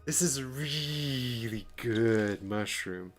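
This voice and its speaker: A man's voice: medium pitch, drawn-out words. A man voicing a laid-back stoner male dwarf with a drawling, slangy delivery. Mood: chill.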